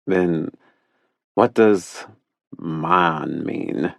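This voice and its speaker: Casting: low, unhurried male audiobook narrator, intimate, in a dry booth. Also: fairly even intonation, vocal fry, no echo, highs cut off. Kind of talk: first-person romance audiobook narration.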